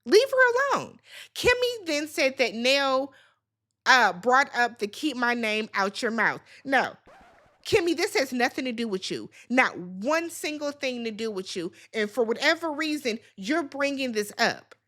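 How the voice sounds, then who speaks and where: A woman's voice: a little high, big pitch swings, unhurried, pushed and bright. A woman hosting a reality TV recap, talking casually and bluntly, swearing freely as she gives her opinions.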